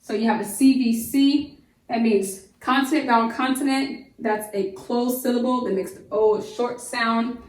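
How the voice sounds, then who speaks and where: A woman homeschool teacher giving a phonics lesson to young children, stretching out each word slowly and explaining patiently. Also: on the high side, fairly even intonation, far from the mic. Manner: slow, drawn-out sounding of words, patient explaining. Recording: echoey room, voice off-mic.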